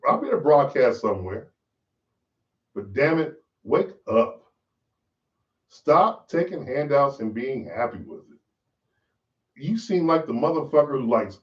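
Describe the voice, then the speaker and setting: A man hosts a podcast in a loud, preachy rant full of profanity. His pitch leaps up and down as he pushes his points. The sound is dull and lo-fi, picked up from a distance in a roomy space. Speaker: podcast host. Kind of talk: ranting monologue.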